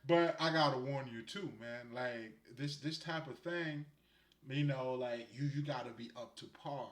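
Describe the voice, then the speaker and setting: Speaking a little slowly in a mid-range voice, a man from Haiti gives easygoing spiritual guidance. He rambles and breaks into laughter often, heard in a roomy, echoing space.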